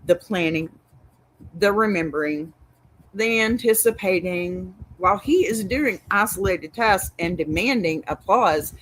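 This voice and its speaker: A woman's voice: on the low side, animated, measured pace, slight background noise, low-quality recording. A Texan woman hosting an advice show, reading out a reader's story and then giving a blunt, sassy verdict. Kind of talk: reading and reacting to advice stories. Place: home with a dog.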